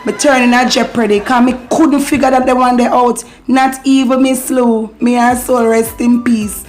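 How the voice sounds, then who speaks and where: A woman's voice: on the high side, steady tone, normal speed, a little mellow, soft background music. A woman with a Jamaican accent giving a playful, casual patois lesson, laughing often and repeating phrases. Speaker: online patois teacher.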